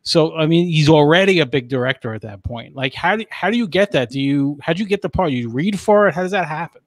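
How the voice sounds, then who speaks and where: A man's voice: a little high, animated, fast talker, no echo. A man hosting a podcast, asking questions in an easygoing way with lots of "like" and "you know". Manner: easygoing, many "like" and "you know" fillers, laughs. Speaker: podcast host. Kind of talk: casual chat.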